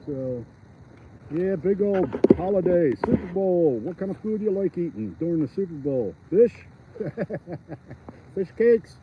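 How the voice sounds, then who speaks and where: High-voiced man chatting while ice fishing. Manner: chatty, rambling and jokey, talks to viewers. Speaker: fishing vlogger. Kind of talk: casual live-stream chat. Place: outdoors on a frozen lake, ice fishing. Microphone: phone. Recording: dull lo-fi phone audio outdoors. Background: wind.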